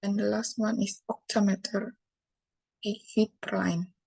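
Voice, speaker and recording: A woman's voice: mid-range voice, little pitch movement, measured pace, creaky, mellow, husky, no echo, low-quality recording. A young woman from Indonesia with an Indonesian accent, giving a careful bilingual classroom presentation that moves between English and Indonesian. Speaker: student presenter.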